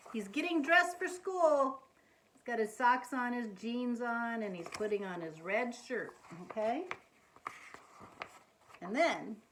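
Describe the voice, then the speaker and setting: Lively storytime woman reading to children. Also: on the high side. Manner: gentle, coaxing, asks the listener questions. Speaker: storyteller reading a picture book. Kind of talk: children's read-aloud storytime.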